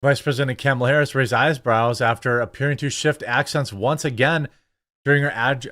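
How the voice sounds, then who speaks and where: A man hosting casual political commentary, talking in an animated, sarcastic way with lots of fillers. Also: medium pitch. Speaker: political commentator, channel host.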